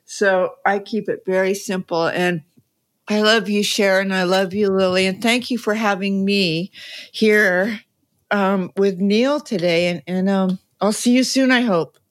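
A woman's voice: medium pitch, steady tone, a little slow. Chatty storytelling woman guest. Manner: chatty, laughs while telling stories. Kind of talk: conversational storytelling.

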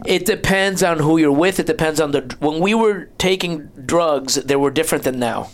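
A man's voice: on the high side, moderate pace. A middle-aged man from New Jersey, a podcast guest, telling a rambling story full of restarts and quoted asides. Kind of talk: casual storytelling chat.

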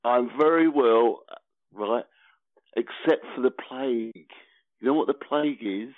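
A man's voice: medium pitch, unhurried, dry recording. Elderly British man in his eighties, teasing and evasive, dry phone-line sound. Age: 80s. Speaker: guest. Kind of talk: phone interview.

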